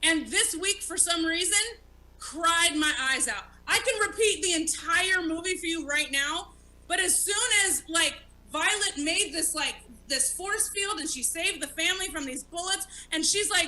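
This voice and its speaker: A woman's voice: very high-pitched, moderate pace, sharp tone, poor audio. A woman in her late thirties, a stand-up comic hosting an online talk show, talking candidly and with plenty of profanity. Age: 30s. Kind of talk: casual live-streamed talk show chat.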